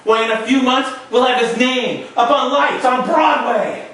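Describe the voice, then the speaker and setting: A man's voice: extremely high pitch, normal speed, a bit bright, very echoey, recorded from a distance, poor audio. A man voicing a brash, boastful male showman filmmaker with grand talk.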